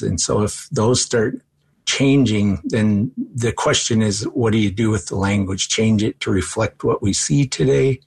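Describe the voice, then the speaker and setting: Husky-voiced man explaining forestry education. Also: fairly low pitch. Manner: thoughtful, measured, frequent fillers. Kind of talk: interview answers.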